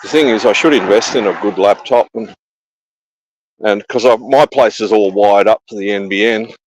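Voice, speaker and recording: A man's voice: on the low side, moderate pace, dry recording, rough recording. A man with an Australian accent, a guest on a livestream, chatting casually in a rambling, profane way that keeps repeating itself. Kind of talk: casual chat.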